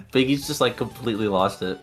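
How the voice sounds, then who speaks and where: A man's voice: medium pitch, normal speed, faint music behind. A man co-hosting a podcast in casual chat, laughing often, swearing freely and rambling with fillers. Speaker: podcast co-host.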